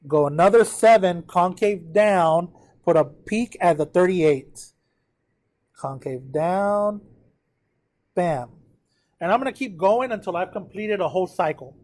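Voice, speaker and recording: A man's voice: high-pitched, unhurried, pauses often, a little mellow. A man teaching a math lesson, working through a graph step by step, counting aloud and addressing his students directly.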